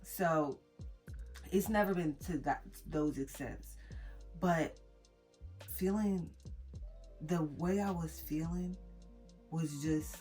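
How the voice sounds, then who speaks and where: A young woman vlogging to camera, telling an emotional personal story in a halting way with many restarts. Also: low-pitched, a little mellow, soft background music. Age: young adult. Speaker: mom vlogger.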